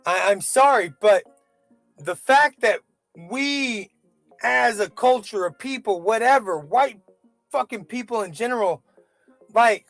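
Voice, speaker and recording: High-voiced man ranting profanely. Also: expressive, slow, gravelly, long pauses, fairly bright tone, no room sound, soft background music. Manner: profane, rambling, self-doubting. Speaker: vlogger. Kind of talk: casual opinion rant.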